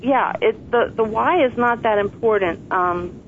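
A woman's voice: on the high side, a little slow, a little hiss or hum. Woman guest on a phone line, thoughtful and earnest, sounds thin and tinny. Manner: earnest, reflective, laughs softly. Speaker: author and guest. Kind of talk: interview conversation.

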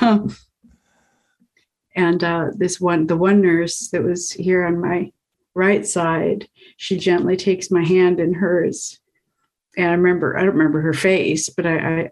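A woman's voice: lowish voice, a little mellow, poor audio. A woman guest on an interview, earnestly recounting a personal experience and laughing often as she talks. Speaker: guest, author of a book. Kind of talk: casual interview storytelling.

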